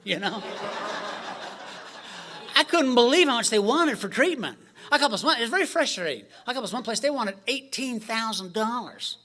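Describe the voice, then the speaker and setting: A man's voice: high-pitched, brisk. A man speaking at a recovery meeting, telling his story with jokes and acted-out dialogue. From United States. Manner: animated, joking storyteller acting out dialogue.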